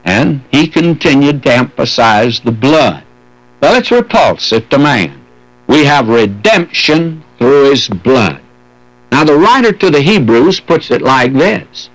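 Slow, earnest preacher on old radio. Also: male voice, medium pitch, sing-song, low-quality recording. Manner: earnest preaching with folksy asides and scripture reading. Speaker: radio Bible teacher. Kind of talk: sermon.

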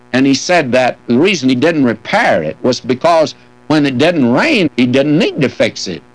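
An older man leads a verse-by-verse scripture lesson. His pitch moves up and down a lot as he reads old King James wording aloud. He breaks in with folksy, gently humorous asides. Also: rough recording. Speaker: Bible teacher. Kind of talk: expository Bible teaching.

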